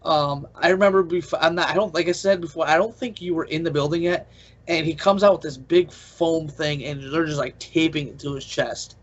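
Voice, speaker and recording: A man's voice: a little high, steady tone, a little fast. A man hosting a podcast interview, eager and full of fillers, laughing along as he recalls stories. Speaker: podcast host. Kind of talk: casual interview chat. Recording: dull lo-fi podcast audio.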